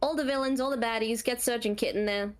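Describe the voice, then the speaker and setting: A woman's voice: a little high, quick pace. A woman with an Australian accent, a voice actor answering convention panel questions in a bubbly way, laughing and repeating herself for emphasis. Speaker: voice actor guest.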